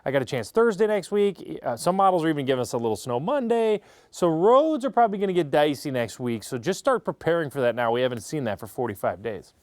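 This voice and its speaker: A man's voice: on the high side, big pitch swings, darkish tone, dry recording. Upbeat chatty male weatherman. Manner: chatty, upbeat, quick bursts. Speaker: meteorologist. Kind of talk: TV weather forecast.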